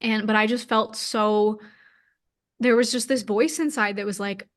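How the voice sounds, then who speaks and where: At a measured pace and fairly even intonation, a woman with a mid-range voice tells a personal story. She's in her thirties, a guest in an interview, speaking openly and emotionally with many "like" fillers.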